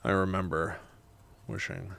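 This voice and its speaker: A man writing a horror story live, dictating slowly and musing, then chatting with viewers. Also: low voice, creaky, a little hiss or hum. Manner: slow, halting and musing; lively and chatty with his viewers.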